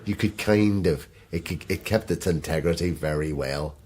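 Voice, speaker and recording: A middle-aged man, an actor, chatting as a podcast guest with an animated, self-deprecating humor and frequent laughter. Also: deep voice, moderate pace. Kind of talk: casual conversational interview.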